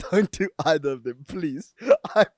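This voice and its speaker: A man's voice: on the high side, lively intonation, darkish tone, no echo. A man co-hosting a casual podcast, teasing and laughing often. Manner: laughs often, teasing, drawn-out joking bits. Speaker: podcast co-host. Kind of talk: casual chat.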